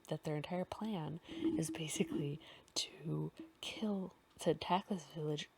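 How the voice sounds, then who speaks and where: A woman hosting a casual fanfic recap, rambling with many fillers and often slipping into a soft half-whisper. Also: low-pitched, steady tone, moderate pace, gravelly, a little hiss or hum. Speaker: podcast host recapping a fanfic.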